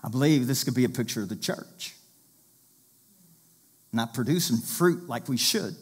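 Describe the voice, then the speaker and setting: A man's voice: mid-range voice, lively intonation, moderate pace, slightly rough. A male pastor preaching a sermon, reading scripture aloud and urging listeners to pay attention.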